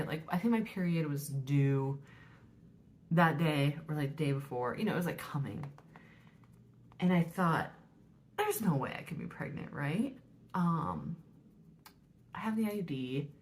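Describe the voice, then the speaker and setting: A woman's voice: low voice, lively intonation, measured pace, pauses often, a little hiss or hum. A woman in her thirties telling a personal story in a casual vlog, chatty and full of fillers, often dropping to a whisper when quoting her own thoughts. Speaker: vlogger.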